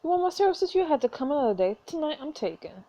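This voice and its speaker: A defiant young courtesan from a story game, read aloud by a woman. Her retorts are sharp and cheeky, and her voice is soft and mellow. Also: sits high, very animated, fast, highs cut off, voice pushed up. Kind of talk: reading game dialogue aloud.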